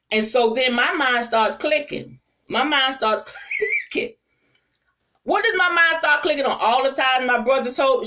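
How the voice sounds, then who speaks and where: A woman apostle telling stories in a sermon, lively and conversational, speaking straight to her listeners. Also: high voice, far from the mic, poor audio. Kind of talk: storytelling sermon to a live audience.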